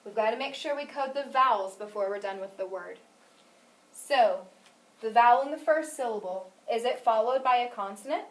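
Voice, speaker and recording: A woman's voice: fairly high pitch, normal speed. A woman teaching a phonics lesson, asking questions and praising answers patiently. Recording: echoey room, mic at a distance.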